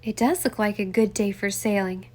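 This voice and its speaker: A woman's voice: medium pitch, fairly even intonation, normal speed, natural voice. A woman voicing a young woman detective, polite but firm as she presses with questions.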